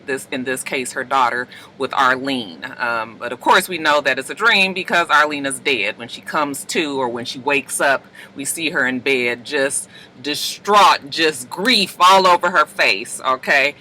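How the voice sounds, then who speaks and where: A man casually recapping a TV episode for his vlog, animated and chatty, with some swearing. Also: mid-range voice, a little slow, slight background noise, low-quality recording. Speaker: TV recap vlogger.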